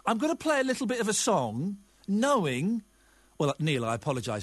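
A man's voice: high voice, very animated, brisk. A middle-aged English man hosting a casual radio phone-in, chatting and reading listeners' texts with open emotion.

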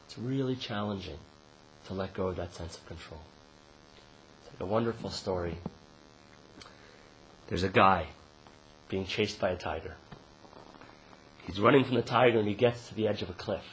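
A man's voice: slight background noise, rough recording. Man giving a casual dharma talk. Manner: conversational, frequent "right?" tag questions; laughs and rises in pitch when telling a joke.

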